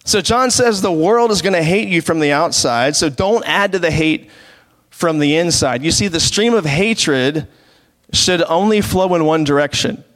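A man delivers a sermon as a pastor, his voice sitting a little higher than most men's. He preaches conversationally and leans on rhetorical questions. His words ring out with a long reverb. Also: normal speed, fairly bright tone.

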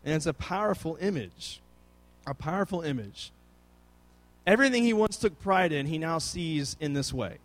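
A man in his thirties preaching a sermon, telling family stories with playful asides and acting out his children's voices. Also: fairly high pitch. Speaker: pastor.

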